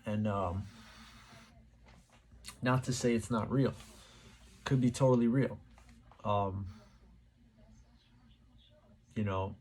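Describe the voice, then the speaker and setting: A man's voice: lowish voice, fairly even intonation, slow, a little mellow. A man hosting his channel, talking casually to camera and rambling as he muses aloud, with plenty of fillers. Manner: rambling, musing, many fillers. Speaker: channel host.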